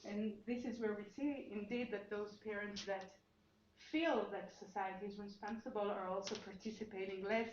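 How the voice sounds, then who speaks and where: A woman gives an academic seminar talk in an indoor seminar room, explaining her research and often restarting sentences as she thinks aloud. Her mid-range voice is fairly even at normal speed. The room is echoey, the sound dull with faint noise.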